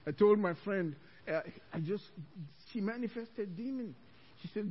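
A male pastor preaching a sermon, telling a story with animated delivery and frequent laughter. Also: high-pitched, normal speed, breathy edge, long reverb tail, dull audio.

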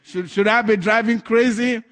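A man's voice: sits high, steady tone, normal speed, a bit bright. A man preaching a sermon with fervent declarations and chuckling asides.

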